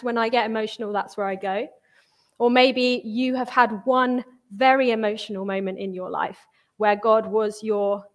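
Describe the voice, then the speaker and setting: A young woman preaches in a slightly high voice. She talks earnestly and conversationally, and she varies her pace and volume for emphasis as she reads and explains scripture. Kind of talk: sermon.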